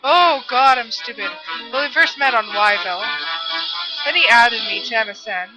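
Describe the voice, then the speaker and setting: A woman's voice: a little high, normal speed, natural voice. Woman voicing a bossy teen girl. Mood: joyful. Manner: exasperated, sharp-tongued. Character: bossy teenage girl classmate. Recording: muffled lo-fi with music behind.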